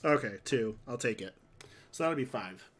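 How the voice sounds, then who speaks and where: A man's voice: medium pitch, animated, moderate pace, a bit bright. A man streaming a mobile game live, chatting casually and reacting to his chat, saying "dude" a lot. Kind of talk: casual livestream commentary.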